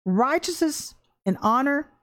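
A woman preaching an informal livestream sermon, earnest and animated, repeating phrases for emphasis. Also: high-pitched, measured pace. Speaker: preacher hosting a livestream devotional.

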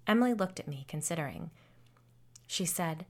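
Lowish woman voice reading an audiobook, calm and even. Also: a little fast. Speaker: narrator. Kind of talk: first-person audiobook narration.

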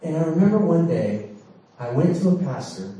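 Middle-aged preacher in an echoey hall. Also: male voice, on the high side, very animated, normal speed, dark tone. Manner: candid, storytelling, with laughs and dramatic swings. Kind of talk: sermon with personal story. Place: large church hall. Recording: echoey hall, mic from far off.

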